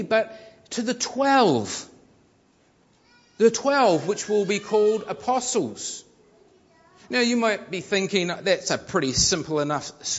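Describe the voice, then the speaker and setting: Lively high-voiced male preacher. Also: in a large hall, muffled recording. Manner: emphatic reading with varied emphasis. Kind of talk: sermon with scripture reading.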